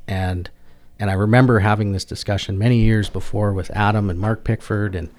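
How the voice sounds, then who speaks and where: A Canadian military veteran in middle age tells a personal story as a guest on a podcast interview. His voice is very deep and monotone. He speaks haltingly and plainly, repeating and restarting words.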